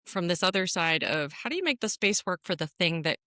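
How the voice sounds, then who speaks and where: A woman co-hosting a podcast in casual chat, animated and playful, laughing often. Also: fairly low pitch, brisk, no echo, clean studio sound. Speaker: podcast co-host.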